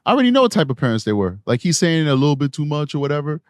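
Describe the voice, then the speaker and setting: A man's voice: a little high, sing-song, very fast, clear, resonant tone, no echo, clean studio sound. A man from New York City giving rambling true crime commentary on a live stream, tired from lack of sleep. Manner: rambling, conversational, frequent restarts.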